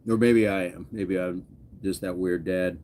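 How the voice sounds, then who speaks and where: A man's voice: low-pitched, fairly even intonation, measured pace, darkish tone, slight background noise. A middle-aged man hosting a casual livestream, reading viewer comments in a jokey, easygoing way and chuckling between remarks. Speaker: livestream host.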